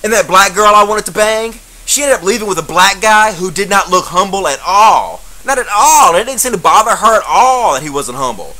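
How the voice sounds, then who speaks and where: A man's voice: sits high, animated, brisk, few pauses, pushed and bright, low-quality recording. A man, telling a profane, sarcastic comic story as a rant monologue. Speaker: comedian.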